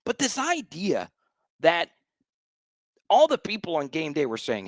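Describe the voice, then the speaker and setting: A man's voice: high voice, huge pitch swings, normal speed, fairly bright tone, no echo. A man hosting a sports talk show, ranting with emphatic, exasperated repetition.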